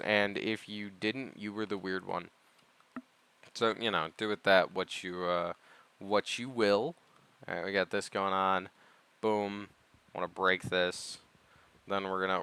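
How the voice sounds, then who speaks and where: A man's voice: on the low side, fairly bright tone, smooth, dry recording. Rambling young man narrating his gameplay. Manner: rambling, digressive, self-mocking. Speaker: gaming video creator. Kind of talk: casual gameplay commentary.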